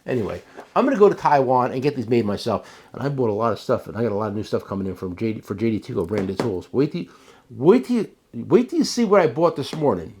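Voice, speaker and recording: A man's voice: mid-range voice, animated, quick pace, darkish tone, slightly rough. A man with a New Jersey accent hosting a casual tool show, rambling and joking with his cohost. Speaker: tool shop owner and show host. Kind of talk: casual product chat.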